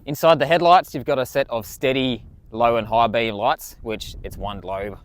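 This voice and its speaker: A man's voice: mid-range voice, fairly even intonation, normal speed. A man walking through his vehicle build in a casual, enthusiastic way, swearing freely. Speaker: vlogger.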